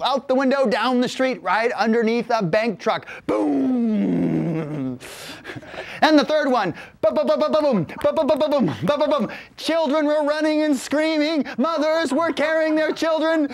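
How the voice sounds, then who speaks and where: A man in his forties telling a comic story, animated and full of vocal sound effects. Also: extremely high pitch, unhurried. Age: 40s.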